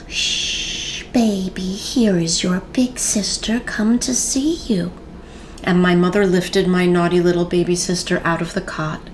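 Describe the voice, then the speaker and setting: A woman reading a children's story aloud in a gentle storytelling manner with expressive pauses. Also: on the low side, slight background noise.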